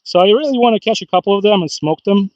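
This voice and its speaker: A man chatting casually on a fishing livestream outdoors, excitable and talkative, often bursting into whoops and laughs. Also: high voice, quick pace, no room sound, lo-fi sound. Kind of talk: casual live-stream chat. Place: outdoors by the water.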